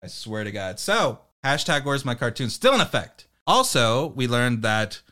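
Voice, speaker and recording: A man's voice: medium pitch, very animated, moderate pace, pushed and bright. A young adult man hosting a podcast in casual chat, joking, swearing and laughing often. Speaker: podcast host.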